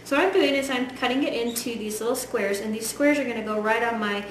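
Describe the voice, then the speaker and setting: Woman, upbeat cooking demo, fairly high voice, roomy kitchen sound, mic some distance off, sizzling in the background. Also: fast. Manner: chatty and enthusiastic, with fillers. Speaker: home cook. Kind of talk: cooking demonstration. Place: home kitchen. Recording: echoey kitchen, voice from far off, loud frying noise.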